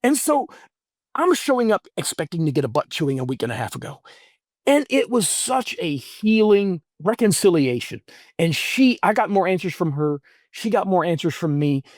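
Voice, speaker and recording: A middle-aged man tells his own story to an interviewer, sincere and moved, his phrases halting and circling back. His voice sits a little high for a man. The recording is dry and close. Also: very animated, no echo. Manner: earnest, heartfelt, halting with repeated restarts. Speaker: guest. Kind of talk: emotional personal storytelling.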